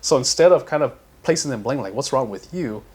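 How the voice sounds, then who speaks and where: A man's voice: medium pitch, animated, a little fast, slightly rough. A man, a podcast guest, explaining mental health patiently with examples in a casual conversation. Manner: explains patiently with examples, acts out quoted lines.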